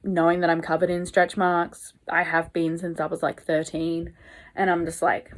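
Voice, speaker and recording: Chatty Australian woman with a lowish voice. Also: little pitch movement, normal speed. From Tasmania, Australia. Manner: chatty, informal, frequent fillers like "like" and "you know". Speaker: book vlogger. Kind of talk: casual reading vlog chat.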